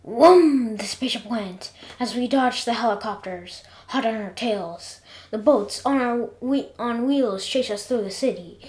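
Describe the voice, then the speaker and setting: A woman's voice: a little high, moderate pace. Woman narrating a homemade story. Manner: reads with slips and restarts. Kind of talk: first-person story narration. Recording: roomy echo.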